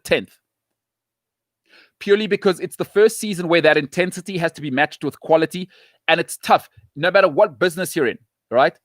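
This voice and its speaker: A middle-aged man hosts his show with firm, repeated punchlines and a forceful, opinionated manner. His voice sits a little high for a man. The sound is dry and close, with no room around it. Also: dry recording. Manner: emphatic, punchy repetitions, fast opinions. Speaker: show host. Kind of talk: opinionated football talk show.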